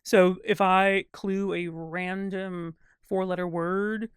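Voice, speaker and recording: A man's voice: high voice, flat delivery, slow, clear, resonant tone, no echo, studio quality. A man talking as an interview guest, thoughtful and rambling, with lots of fillers as he works through ideas. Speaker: guest crossword constructor. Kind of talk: casual interview conversation.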